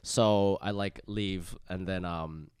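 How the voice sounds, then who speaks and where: A man in his thirties chatting on a comedy podcast, telling a story full of fillers and jumping into loud impressions of other people. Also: low-pitched, steady tone, takes it slowly, clean tone, dry recording, clean studio sound. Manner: rambling storyteller with many fillers, swings into loud mimicry. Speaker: stand-up comedian. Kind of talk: casual podcast chat.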